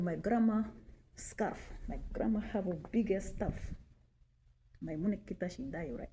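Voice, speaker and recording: A woman in her forties from Mali talks casually to the camera about personal matters in a warm, mid-range voice, with a little hiss or hum in the audio. She repeats her points for emphasis and keeps checking in with "okay?".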